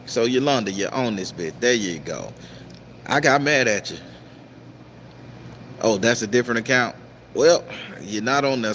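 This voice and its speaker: A man hosting a casual livestream and reading out viewer comments, talking in a profane, preachy, emphatic way with sudden high-pitched outbursts. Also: a bit bright, a little hiss or hum. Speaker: tarot reader and livestream host.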